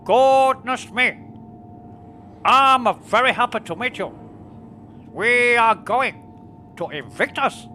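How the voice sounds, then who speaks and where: A man imitating a cheerful, formal older man with a South African accent, in a high, slow, exaggerated voice. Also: bright, forceful tone, a little hiss or hum, full character voice. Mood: jolly.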